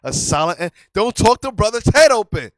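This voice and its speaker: A man's voice: high-pitched, big pitch swings, a little fast, no room sound, poor audio. A man teaching a religious class in an emphatic, conversational sermon style, often repeating his key phrases.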